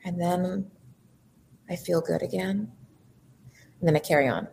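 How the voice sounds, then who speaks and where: Speaking unhurriedly in a fairly low register with vocal fry, a female entrepreneur and life coach stays animated and emphatic as she motivates her audience. She dramatizes the voices in people's heads, and a slight hiss or hum sits under the recording.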